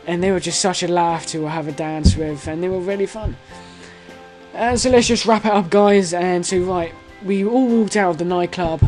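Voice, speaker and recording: A young man in his late teens telling a story to camera in a rambling, excitable way, full of fillers, restarts and swearing. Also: on the high side, rough recording. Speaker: vlogger.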